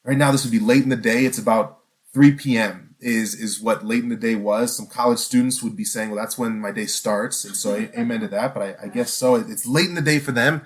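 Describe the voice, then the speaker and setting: Man, preacher, earnest, conversational sermon, mid-pitched voice, rhetorical questions. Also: a little fast. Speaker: pastor.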